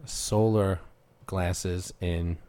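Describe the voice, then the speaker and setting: A man's voice: low-pitched, steady tone, drawn-out words, warm tone, smooth. A man, co-hosting a casual podcast chat and chiming in with short, repeated remarks. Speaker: podcast co-host.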